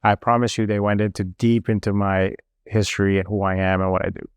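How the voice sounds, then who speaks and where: A young man telling a travel story in casual chat, animated and full of fillers. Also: lowish voice, brisk, clean tone, no room sound, clean studio sound. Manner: animated, lots of fillers, mimics officials.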